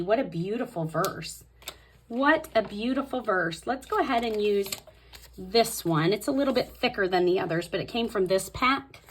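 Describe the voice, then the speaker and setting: A woman hosting a casual craft tutorial, thinking aloud as she writes and softly repeating words to herself. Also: mid-range voice, animated, slightly rough. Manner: fast talker. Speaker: host.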